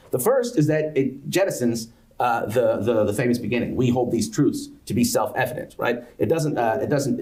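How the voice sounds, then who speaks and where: A man giving an academic lecture, halting, with many fillers and restarts. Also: medium pitch, darkish tone. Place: lecture event.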